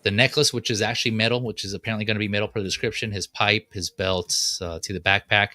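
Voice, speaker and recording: Host guy talking figures, kinda low voice, bright and punchy, dry sound, lots of "uh"s. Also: fairly even intonation, fast talker, no room sound. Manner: walks through details, many fillers. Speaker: podcast host. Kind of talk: casual chat about collectible figures.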